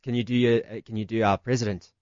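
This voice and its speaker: A man's voice: lowish voice, flat delivery, quick pace, darkish tone, no echo, muffled recording. A man hosting a radio show, teasing and interviewing his guest in a playful, casual way. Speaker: radio host. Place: radio studio. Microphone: studio microphone.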